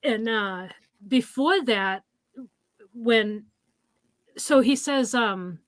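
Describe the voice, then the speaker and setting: A woman walks through a horror movie's plot with her co-host, pausing often with ums and repeats. Her voice sits a bit high and sounds dry and close, with no room around it. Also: no echo. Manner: halting, hesitant recounting with many fillers. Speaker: podcast co-host. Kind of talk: casual movie recap chat.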